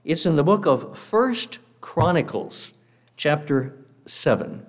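A man giving a sermon to a congregation, earnest and measured, slowing down to read scripture aloud. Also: on the high side, big pitch swings. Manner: guest speaker addressing a congregation. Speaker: preacher.

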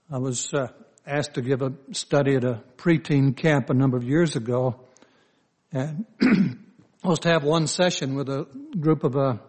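Folksy older Southern preacher. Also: male voice, fairly high pitch, darkish tone. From Southern United States. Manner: slow, folksy storytelling with frequent "you know, uh" fillers. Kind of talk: sermon.

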